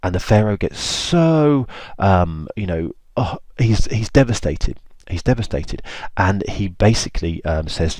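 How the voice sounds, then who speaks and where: A man with a deep, low voice talks through a story for a video lesson. He keeps it chatty and animated, with plenty of ums. The sound is close and dry. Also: measured pace, dry recording. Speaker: teacher.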